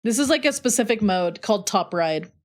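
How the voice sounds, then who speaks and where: A woman's voice: medium pitch, expressive, fairly quick. A young adult woman streamer telling a rambling story in a casual, chatty way. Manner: chatty, rambling, heavy "like" fillers. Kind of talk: casual storytelling while playing.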